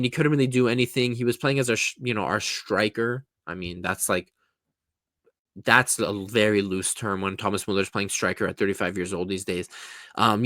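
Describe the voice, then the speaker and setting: A blunt, foul-mouthed man from California, ranting about a football match in a casual, mocking way. His voice sits at a middle pitch for a man. The sound is dry and close, with no room echo. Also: fairly bright tone. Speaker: football reaction vlogger.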